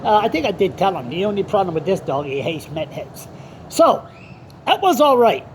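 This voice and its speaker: A man's voice: high voice, sing-song, moderate pace. Guy vlogging off the cuff, rambles, blunt, swears a lot, chats to his dog, faint traffic noise behind. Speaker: blogger. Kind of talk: rambling casual monologue.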